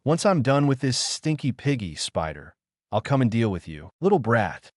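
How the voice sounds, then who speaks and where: A man's voice: mid-range voice, sing-song, normal speed, no room sound, studio quality, natural voice. A man voicing a hulking, boastful rhinoceros-man villain who speaks in a muffled, slightly slurred voice. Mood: threatening. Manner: gloating and threatening.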